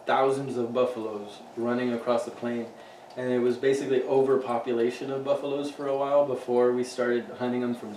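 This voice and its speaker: A man's voice: mid-range voice, darkish tone. A man, casually chatting and swearing freely as a podcast co-host. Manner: loose, profane storytelling. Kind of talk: casual chat. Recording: roomy room, distant mic, faint hum.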